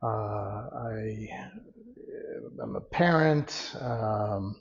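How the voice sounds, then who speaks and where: A middle-aged man from Boston, co-hosting a podcast in a studio and speaking in a hesitant, halting way with many fillers. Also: fairly low pitch, highs cut off. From Boston, USA. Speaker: podcast co-host. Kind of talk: casual podcast chat.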